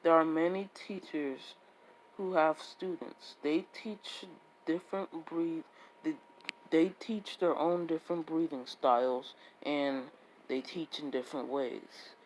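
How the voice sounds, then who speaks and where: A woman's voice: deep voice, fairly even intonation, a little hiss or hum, rough recording. A woman doing a terse, stern sword captain. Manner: slow, terse and commanding. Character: stern, calm adult male swordsman captain.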